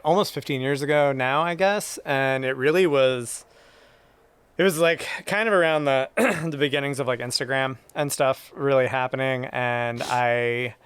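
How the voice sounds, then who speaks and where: A man being interviewed about his sign painting work, talking in a relaxed, rambling way with lots of fillers. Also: medium pitch, normal speed, clear, resonant tone, no room sound. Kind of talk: casual conversation.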